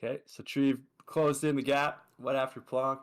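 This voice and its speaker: A man running a tabletop game as its dungeon master, chatty and quick, with lots of fillers. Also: mid-range voice, little pitch movement, clear, resonant tone.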